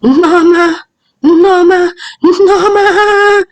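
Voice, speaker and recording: A woman voicing a jealous, scheming mother who yells and barks orders in a storybook tale. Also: mid-range voice, expressive, moderate pace, lightly acted, rough recording. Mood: furious yelling. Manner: yelling, barking orders.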